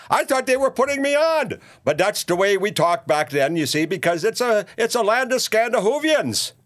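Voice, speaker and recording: A man's voice: sits high, a bit bright. An actor playing a rambling, boastful older male ex-radio talk show host with a Minnesota accent, in a comedic monologue. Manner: rambling, boastful, folksy, lots of "you see" and "uh".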